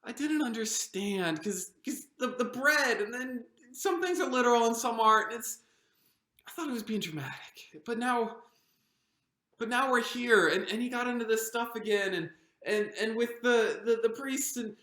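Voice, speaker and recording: A woman's voice: a little high, expressive, moderate pace, a bit bright. A woman pastor performing a devotional monologue as a frightened disciple of Jesus, anxious and stammering with many restarts. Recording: roomy echo.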